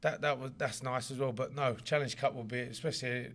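A man's voice: medium pitch, fairly even intonation, fairly quick, fairly bright tone. A man, chatting in an interview, rambling and repeating words, laughing often. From London. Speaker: interviewee, rugby league player. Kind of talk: casual interview chat.

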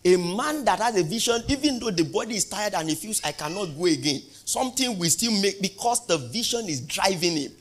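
A male pastor preaching a sermon, asking the congregation questions and building to loud, emphatic peaks. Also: high-pitched, expressive, a little fast, hardly any pauses.

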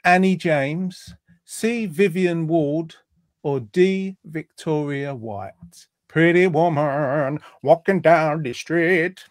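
A man's voice: fairly high pitch, a little mellow, dry recording. Male host, light-voiced, dry, rambling and jokey. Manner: jokey, rambling, lots of ums. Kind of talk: casual quiz chat reading viewer comments.

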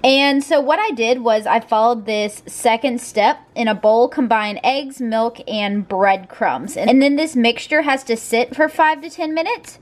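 A woman's voice: fairly high pitch, measured pace, few pauses. Chatty young woman vlogging. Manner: chatty, talks baby-talk to her dogs. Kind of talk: casual vlog narration.

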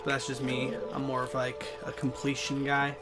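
A young man hosting a let's play, talking casually and swearing loudly at the game. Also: medium pitch, monotone, over loud music. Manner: loud, profane, quick frustrated outbursts. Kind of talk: casual gameplay commentary.

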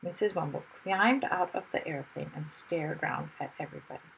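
Gravelly woman reading a children's story. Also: low voice, normal speed, slight background noise, low-quality recording. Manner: lively, expressive reading. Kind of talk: children's story read-aloud.

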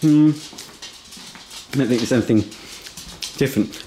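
With lively intonation, a mid-range voice, and a moderate pace, a vlogger wanders through a house on video, chatting loosely between bites of food. Background noise can be heard.

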